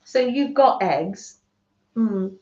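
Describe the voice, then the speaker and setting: A woman's voice: medium pitch, animated, slow pace, warm tone. A middle-aged woman from the UK hosting a craft livestream, gushing and chatting with her viewers. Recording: roomy, dull lo-fi home stream audio.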